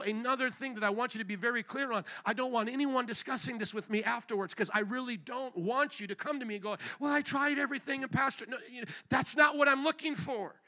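A man's voice: very high-pitched, bright, forceful tone. A man, a pastor, preaching a sermon in a blunt, emphatic way and repeating his key phrases.

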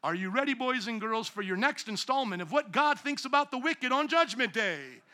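A middle-aged man preaching a sermon, swinging from hushed lines to shouted ones. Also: very high voice, animated, moderate pace. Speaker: pastor.

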